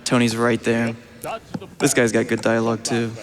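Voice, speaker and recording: A man's voice: mid-range voice, moderate pace, long reverb tail, a crowd in the background. Laid-back young man commenting a speedrun. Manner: relaxed, laughs often, explains routes. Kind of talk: casual live commentary while playing.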